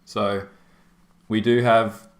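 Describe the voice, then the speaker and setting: A very slow, level-toned Australian man with a fairly low voice casts and hosts a game tournament stream. His live-stream chat is casual and rambling, packed with laughs and fillers, and recorded with a roomy echo.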